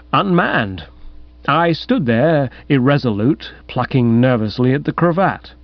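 A man narrating a comic first-person story in a wry, animated storytelling manner. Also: a little high, no echo. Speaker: audiobook narrator. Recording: dull, dry recording.

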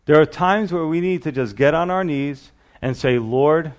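A man's voice: on the high side, normal speed. A man preaching a sermon in an earnest, conversational way, often asking the listeners questions.

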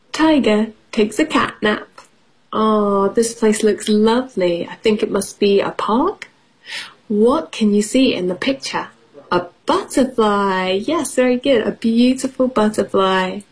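A woman's voice: medium pitch, slightly rough, low-quality recording. A woman teacher reading a picture book aloud to children, encouraging them and asking questions. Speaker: English teacher.

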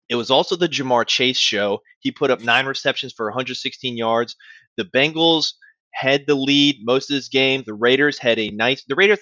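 Male sports podcast co-host, excitable rambler, dull dry mic. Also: medium pitch, dry recording. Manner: rapid, animated rambling with restarts. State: out of breath. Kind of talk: casual sports chat.

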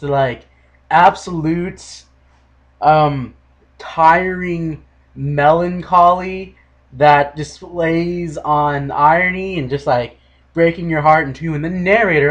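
Young male podcast host, slightly high voice, casual animated rant with mock quotes.

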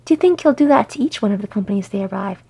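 A woman's voice: medium pitch, expressive, very fast, creaky, dark tone, husky. A woman voicing an easygoing young dwarf prince. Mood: casual.

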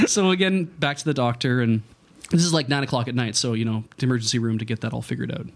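Animated man telling a story. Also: medium pitch, quick pace. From Canada. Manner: animated storyteller, acts out quoted voices, laughs often. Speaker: podcast co-host telling a story. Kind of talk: casual storytelling chat.

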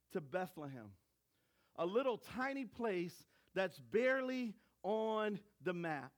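A male pastor preaching a sermon, telling stories in an animated way and acting out the voices of people in them. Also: extremely high pitch. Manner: storytelling, animated, acts out voices.

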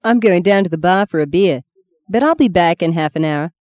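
A woman's voice: fairly low pitch, expressive, a little fast, darkish tone, no echo, natural voice. A woman voicing a blunt, impatient young husband in a spoken novel, curt and commanding. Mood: brusque.

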